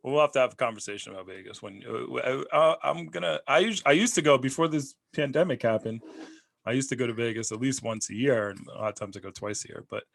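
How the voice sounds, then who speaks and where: Rambling, animated male storyteller. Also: mid-range voice, fast talker, gravelly. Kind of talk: casual chat.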